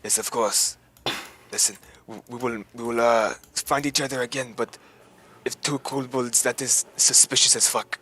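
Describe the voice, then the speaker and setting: A man's voice: medium pitch, fairly even intonation, moderate pace, bright, forceful tone, slight background noise, natural voice. A man voicing a male kobold companion in a put-on Scottish accent, urgent and earnest with stumbles. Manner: earnest, urgent, with slips and restarts.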